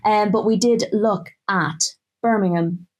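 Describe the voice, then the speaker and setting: A woman's voice: mid-range voice, a little slow, a little mellow, muffled recording. A woman co-hosting a casual football podcast, chatty and loose with plenty of filler words. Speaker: podcast co-host.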